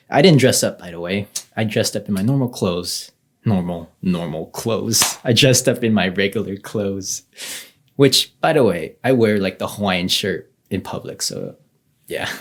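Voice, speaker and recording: Chatty young man telling a story. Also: lowish voice. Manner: chatty, with frequent fillers and light laughs. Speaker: vlogger. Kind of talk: casual storytelling.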